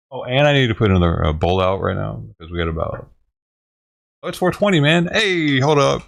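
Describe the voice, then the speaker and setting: A man's voice: on the low side, vocal fry. A man vlogging casually, agitated and profane, swearing and laughing as he rants about a neighbor. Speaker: vlogger feeding stray cats. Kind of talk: casual ranting vlog.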